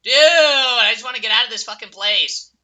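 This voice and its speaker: A young man streaming a game, ranting furiously at other players with profanity and yelling insults, then drifting back into telling a personal story. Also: very high-pitched, moderate pace.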